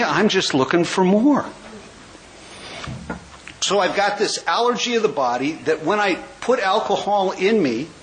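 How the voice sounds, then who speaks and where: A man in his sixties from California tells his recovery story in a high voice. His delivery is wry, with quick jokes. A faint hiss sits under the talk. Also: a bit bright, low-quality recording. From California, USA. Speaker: AA speaker. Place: convention hall.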